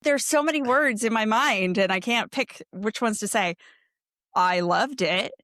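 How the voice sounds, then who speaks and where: A woman's voice: a little high, measured pace, a bit bright, dry recording, clean studio sound. A woman co-hosting a book podcast in casual chat, easygoing and laughing often. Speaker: podcast co-host.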